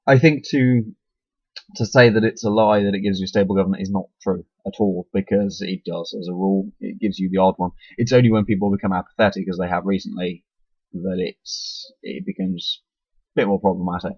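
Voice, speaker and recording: A man's voice: low voice, fairly even intonation, moderate pace, a little mellow, breathy edge, no room sound. Rambling man on a webcam. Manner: rambling, self-deprecating, many restarts. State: hiccups. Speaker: YouTuber. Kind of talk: casual webcam monologue. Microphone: webcam mic. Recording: dull lo-fi webcam audio, dry.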